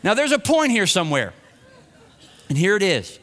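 Man, middle-aged, bright ringing tone, self-mocking storyteller, long reverb. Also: high-pitched, wildly swooping pitch, moderate pace, long pauses. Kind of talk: personal anecdote told to an audience.

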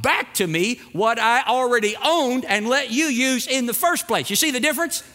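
A man's voice: very high-pitched, expressive, normal speed, few pauses, sharp tone. A middle-aged man preaching a sermon as pastor, emphatic and repeating phrases for effect, acting out small dialogues.

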